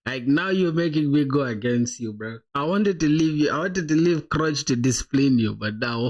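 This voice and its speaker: A man's voice: on the high side, animated, moderate pace, hardly any pauses, highs cut off. A man live-streaming his coding, thinking aloud in casual chat, laughing often and calling viewers "bro".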